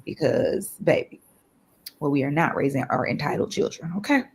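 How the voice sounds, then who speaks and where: A woman in her thirties hosting a casual accountability call, animated and exclaiming in high bursts. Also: normal speed, slightly rough. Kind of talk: casual group video call chat.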